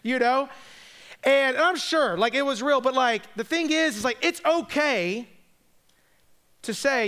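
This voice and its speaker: Man, pastor, sermon, high voice, smooth, chatty, joking asides. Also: measured pace, long pauses, a bit bright. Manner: conversational, joking, talks straight to the congregation.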